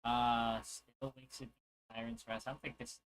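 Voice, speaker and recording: A man's voice: mid-range voice, level tone, normal speed, a bit bright, smooth, rough recording. A young man chatting casually on a livestream, rambling and joking with crude asides. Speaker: streamer.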